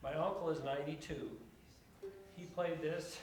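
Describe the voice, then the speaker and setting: A man playing violin live, chatting casually between tunes in a halting way with many fillers. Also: a little high, fairly even intonation, noisy background. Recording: echoey room with instrument music.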